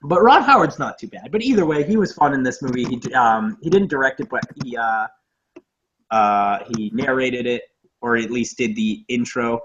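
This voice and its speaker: A young man co-hosting a casual movie podcast, rambling, profane and excitable. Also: medium pitch, normal speed, dull audio, noisy background. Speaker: podcast co-host.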